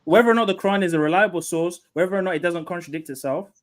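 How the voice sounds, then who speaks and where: Brief man hosting a live online panel, quick-talking, keeps cutting in, slightly higher voice. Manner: interrupts, repeats "hold on". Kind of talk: live debate panel chat.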